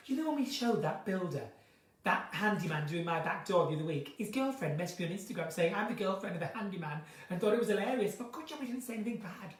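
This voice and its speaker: Chatty West Midlands woman, lively voice. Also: lowish voice, fast, distant mic. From Dudley, England. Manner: chatty, self-mocking, trying out accents. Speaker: live-stream host. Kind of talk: casual live chat. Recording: echoey room, voice off-mic.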